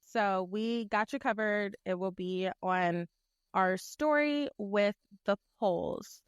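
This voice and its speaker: A woman's voice: mid-range voice, slow, clean tone, no echo, studio quality. A young woman hosting a casual sports podcast, upbeat as she runs through reminders and the sign-off. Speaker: podcast host.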